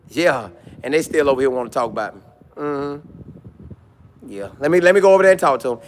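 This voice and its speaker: A medium-pitched man speaks at a moderate pace with long pauses, a little hiss or hum in the background. Chatting casually on a live stream, he reads comments, jokes with animated energy, repeats lines, and does mock voices.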